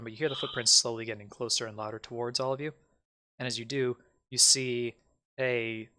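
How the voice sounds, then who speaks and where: Man, game master, tabletop game narration, casual, rambling, bright tone. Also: medium pitch.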